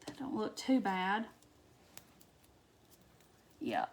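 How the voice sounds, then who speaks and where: A woman from Wisconsin hosting a casual live-stream craft tutorial, chatting to viewers, answering their comments and muttering soft asides to herself as she works. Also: fairly high pitch, measured pace, pauses often, a little hiss or hum.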